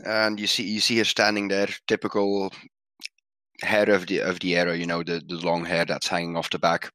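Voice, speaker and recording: A man describing his character in a relaxed, hesitant way, with fillers, during a tabletop game. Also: low voice, brisk, no room sound. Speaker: player. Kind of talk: casual tabletop play.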